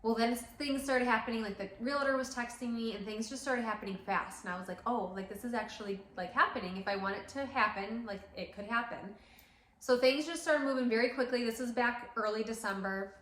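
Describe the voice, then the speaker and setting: Her voice slightly high and a touch bright, this thirty-something salon owner talks briskly to camera in a casual vlog. She grows emotional and tearful, with plenty of fillers. The recording, made inside the salon, echoes roomily and carries a faint hiss or hum.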